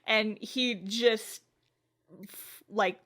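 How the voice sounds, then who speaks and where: A woman co-hosting a podcast, recapping an anime episode in an animated, gushing way, with the odd swear word. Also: mid-range voice, extremely slow. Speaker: podcast co-host.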